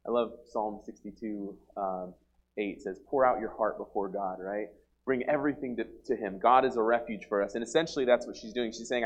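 A man's voice: fairly low pitch, a little fast, lo-fi sound. Earnest man preaching, with frequent restarts. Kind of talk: sermon.

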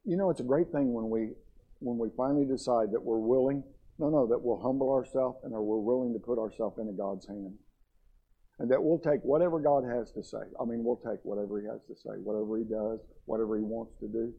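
A man preaching a sermon in a church, fervent, swinging between loud and quiet. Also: medium pitch, a little fast, vocal fry, husky, highs cut off. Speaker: pastor.

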